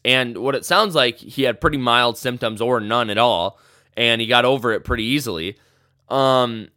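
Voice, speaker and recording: Fired-up guy ranting on his podcast, smooth clear voice, dry sound. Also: mid-range voice, pushed and bright, no echo. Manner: passionate, fired-up rant. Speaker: podcast host. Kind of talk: solo sports podcast rant.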